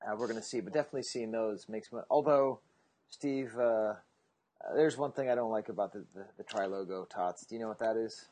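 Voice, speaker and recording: A man's voice: on the low side, fairly quick, a little mellow. A man co-hosting a casual podcast roundtable, joking and stumbling over his words. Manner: joking, hesitant, repeats words.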